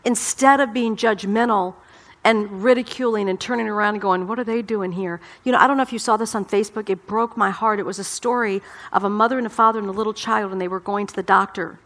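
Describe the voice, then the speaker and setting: A woman's voice: mid-range voice, fairly even intonation, fast, a bit bright. A middle-aged woman pastor delivering a sermon, emphatic and impassioned, often repeating her words.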